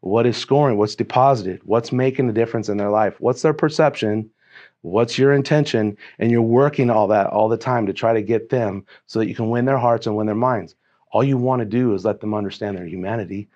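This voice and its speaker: A man's voice: fairly low pitch, fairly quick. A middle-aged man, a keynote speaker, telling a motivational story and acting out quotes as he goes. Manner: animated storyteller, voices quotes. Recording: dull lo-fi sound.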